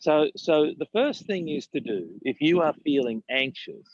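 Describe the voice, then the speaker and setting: A man's voice: on the high side, animated, moderate pace, dry recording, highs cut off. A man coaching in casual talk, repeating phrases and asking himself questions. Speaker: mindset coach.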